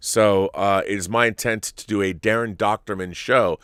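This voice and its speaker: A middle-aged man hosting a live stream, reading viewer messages and answering them in a halting, rambling way. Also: lowish voice, fairly even intonation, fairly bright tone, smooth, no echo, studio quality. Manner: rambling, halting, restarts often. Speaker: host.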